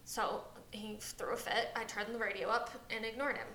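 A woman's voice: medium pitch, normal speed, sharp tone, echoey room, slight background noise. A woman co-hosting a casual podcast, rambling through a long story about her son and acting out his lines. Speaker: podcast co-host. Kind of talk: casual chat.

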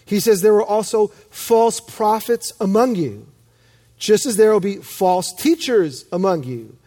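A man preaching a sermon as pastor, telling stories with self-deprecating humor and lively emphasis. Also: high-pitched, unhurried, soft background music.

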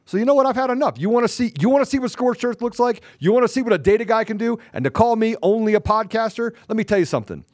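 A man's voice: very high-pitched, expressive, rapid-fire, hardly any pauses, darkish tone, no room sound, studio quality. A man hosting a podcast, delivering a heated, confrontational rant with mild cursing and repeated phrases for emphasis. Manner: combative, confrontational, taunting. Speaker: podcast host.

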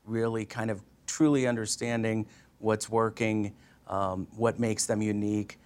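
Male interviewer, lowish voice, measured and prepared, corporate conversation. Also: flat delivery, darkish tone. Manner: measured, asks prepared questions. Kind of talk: business interview.

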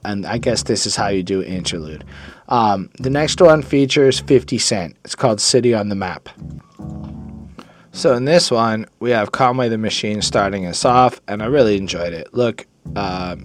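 A man giving a casual, rambling music review, swearing freely and filling pauses with ums and uhs. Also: lowish voice. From Jewish. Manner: rambling, profane, with frequent fillers and restarts. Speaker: album reviewer.

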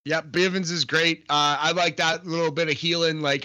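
A man with a bright, slightly high voice trades casual opinions on a wrestling show. He laughs often and restarts his sentences. His talk is loose and friendly. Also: level tone, normal speed, few pauses. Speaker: podcast co-host. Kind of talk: casual wrestling review chat.

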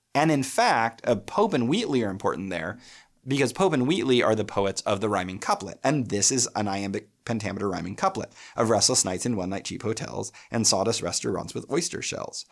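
A man giving a lecture on poetry, thoughtful, with frequent filler pauses, reading verse aloud. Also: on the low side, gravelly. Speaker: literature lecturer.

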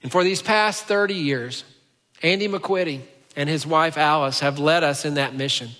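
A man preaching a sermon to his church, telling a story with pauses and hushed moments. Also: a little high. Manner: storytelling, dropping to hushed tones at emotional moments. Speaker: pastor. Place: church sanctuary. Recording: church hall with long reverb.

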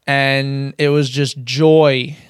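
A man's voice: mid-range voice, flat delivery, drawn-out words, smooth, no echo, clean studio sound. A young man chatting candidly on his own, swearing freely and mocking himself. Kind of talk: casual solo chat.

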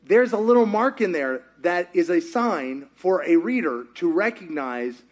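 A man's voice: high voice, animated, measured pace. A man preaching a sermon in church, joking and asking his congregation questions. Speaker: pastor.

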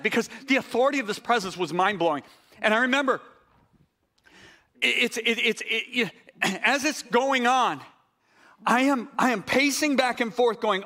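A male pastor telling a story in a sermon. He swings from excited outbursts to hushed tones and restarts his words when worked up. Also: sits high, normal speed.

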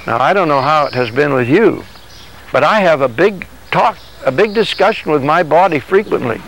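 Man, preacher, sermon, earnest, acts out dialogues, high-pitched voice. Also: lively intonation, normal speed, vocal fry, a bit bright, poor audio. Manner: earnest, acts out dialogue with God and his body.

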